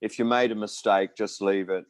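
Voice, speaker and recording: Rambling older man, low dry voice. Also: fairly even intonation, normal speed, no echo. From Australia. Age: 60s. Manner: rambling storyteller, acts out quoted voices. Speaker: musician guest. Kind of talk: casual interview chat.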